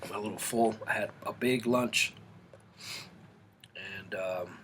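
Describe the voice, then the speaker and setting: A man in his forties, born in Colombia, chatting casually to camera in his home art studio, halting and full of restarts. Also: lowish voice, a bit bright, slight background noise. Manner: rambling, halting, with many restarts and fillers. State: eating, mouth full at times. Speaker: artist and channel host.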